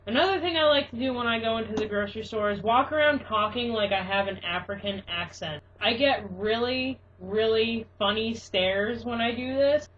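A woman stand-up comic co-hosting a web show, talking bluntly with crude deadpan asides. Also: a little high, moderate pace, hardly any pauses, recorded from a distance, lo-fi sound, a little hiss or hum. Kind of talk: casual comedic chat.

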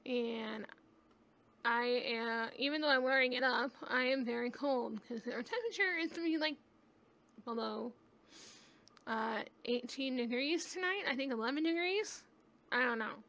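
High, bright-voiced woman chatting over gameplay. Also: a little slow. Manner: chatty and rambling, thinks aloud. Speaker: gaming YouTuber. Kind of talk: casual gameplay commentary. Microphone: webcam.

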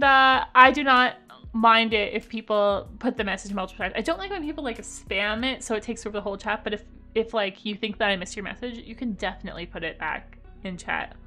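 A woman's voice: a little high, pushed and bright. Upbeat woman streamer reading chat. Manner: upbeat, thanks viewers by name while reading chat. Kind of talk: casual live-stream chat.

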